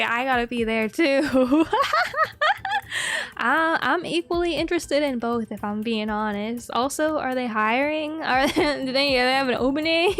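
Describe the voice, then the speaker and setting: High-voiced giggly young woman streamer. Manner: giggly, excitable, swearing. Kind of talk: casual chat.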